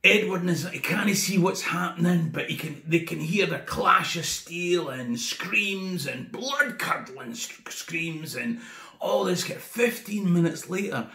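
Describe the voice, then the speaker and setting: A Scottish man spins a comic history yarn with chatty asides and dry humour. His voice sits a little high. The recording carries a noticeable room echo. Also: expressive, a little slow, sharp tone. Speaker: history tour guide storyteller. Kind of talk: casual comic storytelling.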